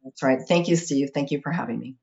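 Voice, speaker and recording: A woman's voice: extremely low pitch, fast, creaky, a little mellow, highs cut off. A woman from Arizona answering interview questions hesitantly with many ums, yet determined. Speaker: guest.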